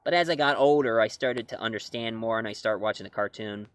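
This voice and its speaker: A man's voice: on the low side, fairly quick, clean tone, no echo. A man reviewing comics and films in a casual talk to camera, rambling and correcting himself as he goes. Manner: rambling, self-correcting, chuckling.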